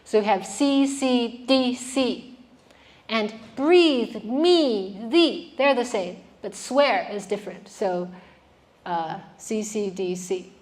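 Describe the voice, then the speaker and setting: A woman's voice: on the high side, animated, slow pace, a little mellow. A woman giving a classroom lecture on poetry, explaining patiently and putting questions to her students.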